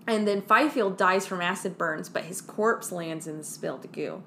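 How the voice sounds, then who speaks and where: A woman podcast host recapping a film in casual chat, animated and peppered with "like". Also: fairly low pitch, moderate pace, a little hiss or hum. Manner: animated, frequent "like", laughs between lines.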